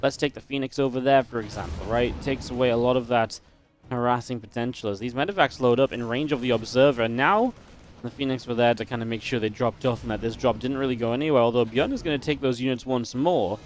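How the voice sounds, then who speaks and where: A man's voice: medium pitch, fast talker, faint music behind. A man casting a strategy game match, chatty and analytical, breaking into easy laughs. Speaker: esports caster. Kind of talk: play-by-play game commentary.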